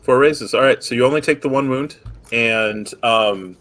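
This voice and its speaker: A man in the game master's seat, narrating scenes and calling out rolls at an ordinary pitch. He speaks in a relaxed way and keeps the table moving. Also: moderate pace. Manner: relaxed, rule-explaining narration with fillers.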